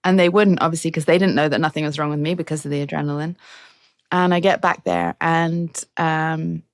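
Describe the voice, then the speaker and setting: A woman's voice: low-pitched, lively intonation, brisk, dry recording, studio quality. A middle-aged English woman, a racing driver, candidly telling stories in a podcast interview and laughing often. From England.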